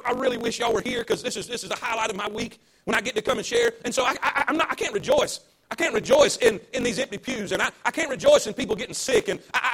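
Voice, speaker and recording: Man, pastor, livestreamed sermon, fast, husky, emphatic, repetitive. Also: extremely high pitch, a bit bright. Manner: emphatic, repetitive, call-and-response preaching. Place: empty church sanctuary.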